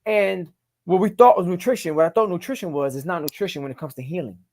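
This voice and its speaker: Middle-aged man, podcast guest, quick emphatic street talk with profanity. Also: sits high, darkish tone. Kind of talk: casual storytelling.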